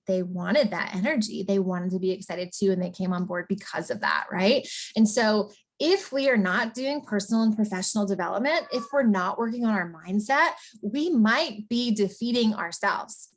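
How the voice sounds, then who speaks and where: A woman coaching business owners in a casual, energetic motivational talk, chatty and emphatic. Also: fairly high pitch. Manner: energetic, chatty, often asks "right?".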